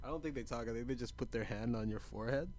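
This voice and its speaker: A man's voice: mid-range voice, racing, a little mellow, slight background noise. A young man co-hosting a podcast, teasing and laughing his way through a casual, swearing chat. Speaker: podcast co-host.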